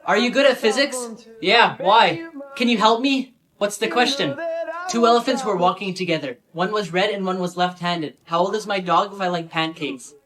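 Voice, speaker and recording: A text-to-speech voice reading short joke stories and their dialogue in a flat, even way. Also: medium pitch, normal speed, a crowd in the background. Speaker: storytime narrator.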